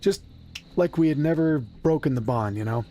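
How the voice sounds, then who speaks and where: With slight noise in the background, a man speaks at normal speed in a fairly high but dark-toned voice. He's streaming a game and chatting loosely with his audience, mocking himself, swearing freely and talking openly about how he feels.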